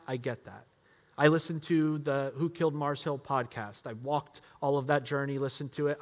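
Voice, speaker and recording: Bright-voiced preacher with hall reverb. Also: male voice, fairly high pitch. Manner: emphatic, swings between loud outbursts and hushed lines. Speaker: pastor. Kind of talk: sermon. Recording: long reverb of a large hall.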